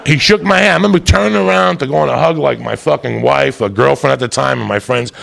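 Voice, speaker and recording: A man doing stand-up, telling a loud, profane, rambunctious story to a live audience. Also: mid-range voice, fast, gravelly. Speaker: stand-up comedian. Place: stage before a live audience.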